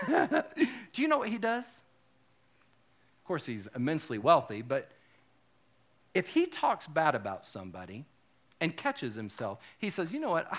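Animated, lively-voiced male pastor. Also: on the high side, a little slow, long pauses. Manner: animated, joking, self-deprecating asides. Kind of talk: sermon.

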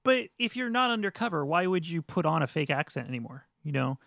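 Animated gravelly man chatting. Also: a little fast, no room sound, clean studio sound. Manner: animated, joking, voice jumps high when excited. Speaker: podcast co-host. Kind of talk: casual chat.

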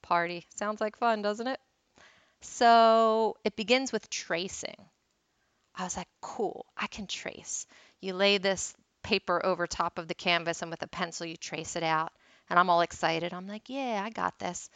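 A woman's voice: on the low side, steady tone, moderate pace, a bit bright, smooth, dry recording. A woman hosting a wellness talk, telling a candid, self-deprecating personal story. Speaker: wellness teacher and host.

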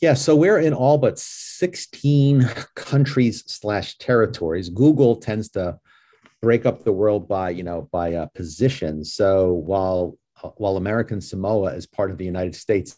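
A man's voice: deep voice, dark tone. A man from New York, a guest in a casual interview, speaking earnestly with frequent restarts. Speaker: guest, ministry leader.

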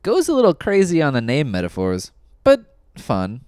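A man's voice: a little high, wildly swooping pitch, normal speed, darkish tone, clean tone, no echo. A man co-hosting a podcast, talking in a casual, dry joking way. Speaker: podcast co-host. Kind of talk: casual chat.

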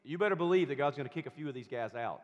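A man preaching a sermon with emphatic delivery, building to loud, forceful peaks. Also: a little high, lively intonation, racing, big-room sound, lo-fi sound. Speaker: pastor.

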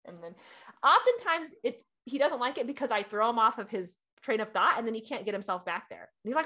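A woman in her thirties chatting casually as a podcast co-host, animated and laughing, acting out quoted voices. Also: fairly high pitch, fairly quick. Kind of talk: casual chat.

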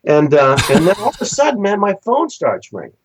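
A man's voice: a little fast, slight background noise, poor audio. A man from Southern California, a session musician, telling long casual stories in an interview and acting out the voices of people he quotes. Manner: animated storyteller, acts out quoted voices with big pitch jumps.

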